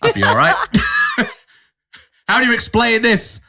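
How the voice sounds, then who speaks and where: Slow, bright-voiced laughing man. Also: extremely high pitch, very animated, creaky. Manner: laughs often, reads questions aloud. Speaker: podcast host. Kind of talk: casual chat.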